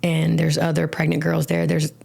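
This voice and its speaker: Gruizige vrouw die levendig vertelt. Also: female voice, sits low, normal speed, vocal fry, husky. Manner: animated storytelling with casual slang and acted-out quotes. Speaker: guest. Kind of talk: personal testimony in a podcast interview.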